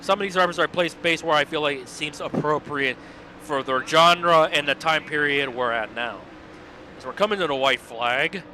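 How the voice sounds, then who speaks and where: A man talks through his racing game mod on a livestream, rambling and chatty, with bursts of excited cheering. His voice sits a little high and comes across bright and forceful. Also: normal speed, a little hiss or hum. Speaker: game modder and streamer. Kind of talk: livestream gameplay commentary.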